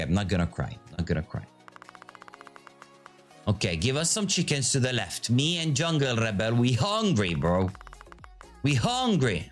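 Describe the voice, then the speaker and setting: A man hosting his own video, giving casual live commentary to his viewers in an excitable, profane, teasing way. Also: medium pitch. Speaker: video host.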